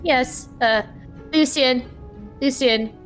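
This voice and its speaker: Role: a woman playing a short, crazed male keeper, stammering and jittery, pitched up high. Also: slow pace, soft background music. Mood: nervous.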